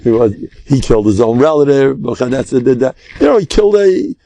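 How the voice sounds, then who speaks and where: An older man, a rabbi, teaching a lesson through lively storytelling, with Hebrew and Yiddish words mixed in. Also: medium pitch, quick pace, vocal fry, dry recording.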